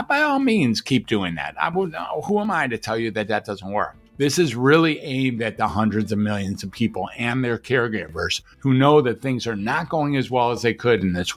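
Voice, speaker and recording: A man who is a psychiatrist, speaking as a guest in a podcast interview, emphatic and rhetorical, repeating phrases for effect. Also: medium pitch.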